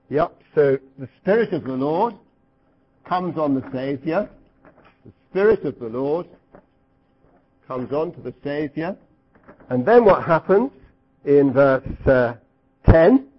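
A middle-aged man teaching the Bible to a live group, lively and questioning, sometimes acting out cries. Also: a little high, breathy edge, dull audio. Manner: asks the audience questions, lively, acts out cries.

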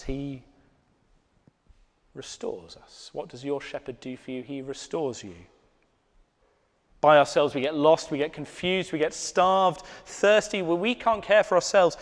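Slow-preaching man in echoing church. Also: a little high. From Britain. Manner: slow, deliberate preaching with hushed, almost whispered emphases. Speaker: pastor. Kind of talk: sermon. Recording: long reverb of a church hall.

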